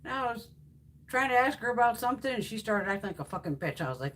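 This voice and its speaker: A woman in her fifties, a beauty YouTuber, chats casually on a makeup livestream while swatching products. Her mid-range voice comes out fast, with a little hiss or hum in the audio. She's a blunt, animated storyteller who swears freely.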